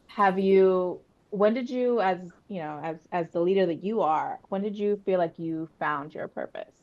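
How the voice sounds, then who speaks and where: A woman's voice: fairly low pitch, moderate pace, dull audio. A woman hosting a webinar interview over a video call, asking questions in a conversational way with many fillers. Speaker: webinar host.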